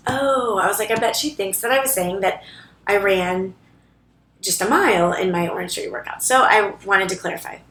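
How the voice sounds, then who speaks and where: A woman's voice: mid-range voice, fairly bright tone. A woman chatting casually to camera in a rambling way, with lots of fillers and restarts, recorded in a co-working office library. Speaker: vlogger. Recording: echoey room.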